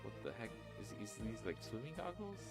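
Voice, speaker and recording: A man's voice: mid-range voice, sing-song, brisk. A man voicing a blunt, goofy male detective in a fan dub of a game, casual and suspicious in manner. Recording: game music playing behind.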